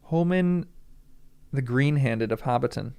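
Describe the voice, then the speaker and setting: A man's voice: mid-range voice, normal speed, creaky. A man hosting a live stream, chatting emotionally with viewers and reading from a book aloud.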